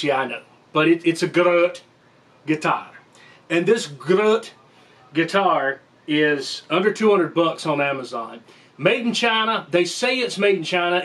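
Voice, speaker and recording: A man's voice: high voice, fairly bright tone. A man giving a casual, jokey guitar review in a room at home, rambling and interrupting himself as he goes. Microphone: camera mic, sometimes far.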